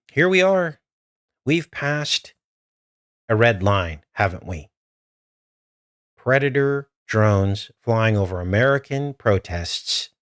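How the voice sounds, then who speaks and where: A man's voice: lowish voice, fairly bright tone, no room sound, clean studio sound. A man hosting a live stream, talking straight to his viewers in an urgent, earnest way. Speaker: livestream host.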